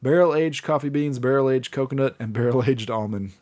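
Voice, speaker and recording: A man's voice: mid-range voice, brisk, mellow. A man co-hosting a podcast in casual chat, joking, laughing often and swearing freely. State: drinking beer. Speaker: podcast co-host.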